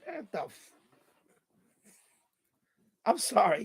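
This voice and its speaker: A man's voice: a little high, big pitch swings, takes it slowly, pauses often, fairly bright tone, slightly rough. A man live-streaming about radio, ranting in an exasperated way and swearing freely at a desk mic.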